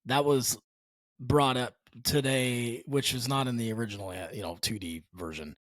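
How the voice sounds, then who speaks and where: A man's voice: medium pitch, normal speed, fairly bright tone, no echo. A man co-hosting a casual movie podcast, rambling with frequent restarts and chuckles mid-sentence. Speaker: podcast co-host.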